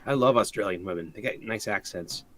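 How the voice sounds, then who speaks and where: A man's voice: on the low side, a little fast, a bit bright. An American man joking crudely and laughing in casual stream banter.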